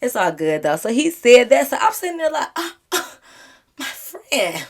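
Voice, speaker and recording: A young adult woman vlogger telling a storytime to her viewers in casual chat, animated and dramatic, laughing often. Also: fairly high pitch, normal speed. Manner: talks straight to her viewers.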